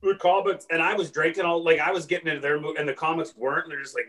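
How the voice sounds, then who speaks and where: Guest comedian, male, from Saskatchewan, fairly high voice, rambling and animated, slightly off-mic. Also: rapid-fire, far from the mic, low-quality recording. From Saskatchewan, Canada. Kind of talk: casual podcast storytelling.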